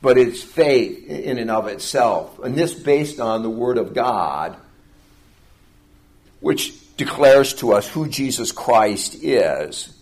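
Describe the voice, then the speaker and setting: A male preacher works through scripture in an expository teaching style, his medium-pitched voice expressive and a little mellow. He speaks emphatically, rising on key phrases before falling back, and slows deliberately on key words to drive each point home.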